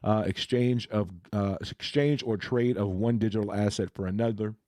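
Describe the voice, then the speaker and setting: A man's voice: lowish voice, steady tone, moderate pace, dark tone, no echo, studio quality. A man chatting casually on a crypto livestream, hesitant and full of fillers and restarts.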